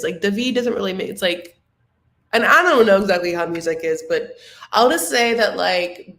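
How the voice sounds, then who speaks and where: A young adult woman hosts a casual live show recap, chatty, gossipy and rambling, with lots of "like" fillers. Her mid-range voice is a bit bright and sounds reverberant.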